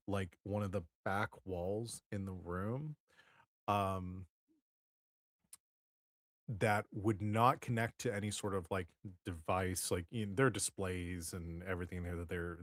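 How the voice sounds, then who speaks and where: A man with a fairly low voice narrates a tabletop game as its game master. He pauses often, restarting his sentences. The sound is close and dry. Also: no room sound. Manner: halting, many fillers and restarts.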